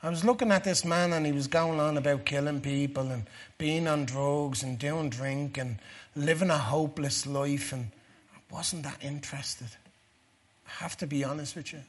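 A middle-aged man giving a testimony sermon, moving from quiet storytelling to loud, fervent preaching. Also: on the high side, normal speed.

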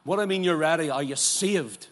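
A man preaching a sermon, moving between loud fervent declarations and quiet, pleading questions to his listeners. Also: on the high side, normal speed. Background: congregation present, also streamed live.

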